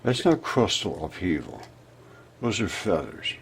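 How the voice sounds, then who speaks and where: A man in his seventies narrating over a map, insistent, rebutting doubters and jumping up in pitch when pointing things out. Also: very animated, measured pace, creaky, slightly rough. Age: 70s. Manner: insistent, rebutting imagined objections. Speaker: presenter of a fringe geology channel.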